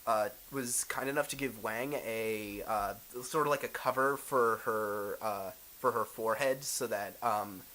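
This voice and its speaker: Male GM, mid-pitch, relaxed and halting. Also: a little hiss or hum, rough recording. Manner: relaxed, hesitant, many fillers. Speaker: game master. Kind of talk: narrating a tabletop role-playing game.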